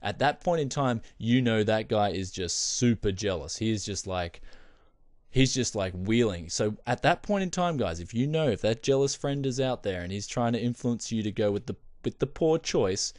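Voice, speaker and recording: A man's voice: lowish voice, normal speed, dry recording, clean studio sound. Chatty young man hosting a tech vlog. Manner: chatty, addresses viewers as "guys", animated asides. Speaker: tech video host. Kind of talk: casual explanatory vlog.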